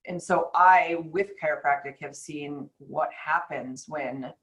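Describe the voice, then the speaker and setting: A woman's voice: sits low, a bit bright, rough recording. A woman who hosts a podcast and works as a chiropractor, talking in a chatty, rambling way in a casual interview. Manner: chatty, rambling, quick bursts and laughs.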